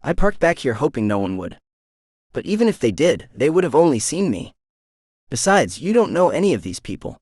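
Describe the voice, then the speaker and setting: Easygoing flirty shifter guy, voiced by a man, lively teasing delivery, dry close mic. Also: a little high, a little fast, no echo. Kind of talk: audiobook character voice.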